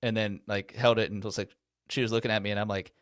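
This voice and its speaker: A man's voice: lowish voice, little pitch movement, quick pace, no echo, studio quality. A man in his thirties co-hosting a podcast, telling a story casually and poking fun at himself. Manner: rambling, self-deprecating storyteller. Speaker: podcast co-host. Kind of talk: casual chat.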